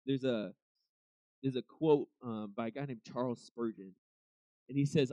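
A man's voice: mid-range voice, moderate pace, pauses often, mellow, no echo. A young man giving a casual devotional talk, conversational, often acting out what people might say to God. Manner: conversational, acts out quoted voices, many restarts. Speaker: preacher.

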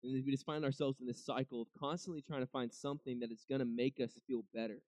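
A young preacher gives a casual, conversational devotional talk, with many restarts, often acting out what people might say to God. His mid-range voice is a little mellow with fairly even intonation and a quick pace, recorded with no echo.

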